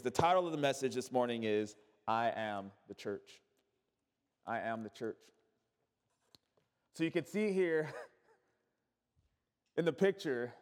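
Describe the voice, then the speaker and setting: High-voiced man preaching in a hall. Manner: preaching with call-and-response, rising emphatic repetition. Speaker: pastor. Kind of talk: sermon. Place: church sanctuary. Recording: echoey church hall.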